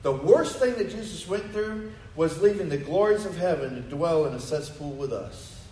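High-voiced pastor preaching in an echoey hall. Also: male voice, lively intonation, moderate pace, dark tone, far from the mic. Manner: emphatic, with rhetorical questions to the congregation. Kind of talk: sermon. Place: church sanctuary.

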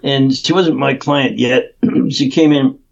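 A man telling a story as a guest in an interview, animated and acting out what people said. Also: medium pitch, takes it slowly, gravelly. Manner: animated storyteller who acts out quotes. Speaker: guest, nutrition practitioner. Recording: dull lo-fi remote audio.

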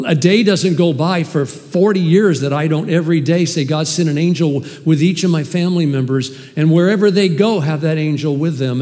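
Emphatic preaching man in a reverberant hall. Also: a little high. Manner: animated, emphatic preaching with quick shifts in loudness. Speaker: pastor. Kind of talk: sermon. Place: church hall.

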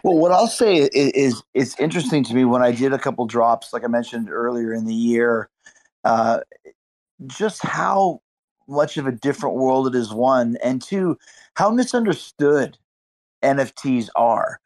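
Animated, swearing man telling a story. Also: mid-range voice, measured pace, low-quality recording. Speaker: guest on a live audio stage.

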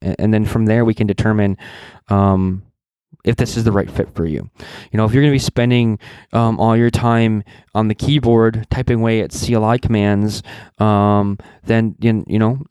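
Guy a bit under the weather, rambling career advice, kinda low voice, dry close sound. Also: fairly even intonation, normal speed, a little mellow, clean tone, no room sound. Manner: rambling, frequent fillers and restarts; earnest, passionate. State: a little sick. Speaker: networking career advisor. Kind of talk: casual advice talk.

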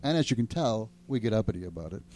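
Rambling man from Chicago, lively pitch. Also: fast talker, slight background noise. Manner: rambling, self-mocking explainer. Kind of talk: casual chat.

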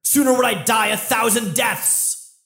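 A man voicing a defiant, heroic male thunder god in a higher, booming, declaiming voice. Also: unhurried, creaky, bright, forceful tone, echoey room, full character voice.

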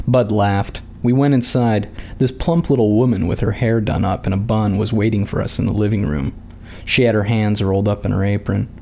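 A man calmly reading a short story aloud in a measured narrating voice. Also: on the low side, creaky, slight background noise.

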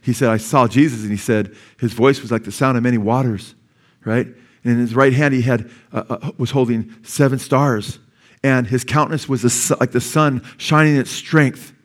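A man preaching a sermon as pastor, conversational and excitable, with casual asides to the congregation. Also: mid-range voice, moderate pace.

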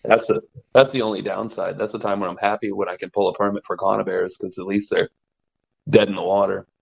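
A man's voice: fairly low pitch, flat delivery, fairly quick, vocal fry, muffled recording. A young adult man, a trapper and guest, telling stories in a casual, rambling way, often restarting and laughing at his own tales. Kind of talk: casual storytelling in conversation.

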